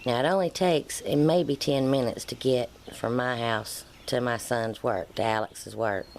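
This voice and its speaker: A woman's voice: very deep voice, normal speed, slight background noise. A middle-aged woman, vlogging in a casual storytelling way and acting out the dialogue as she tells it. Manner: animated, acts out quoted dialogue.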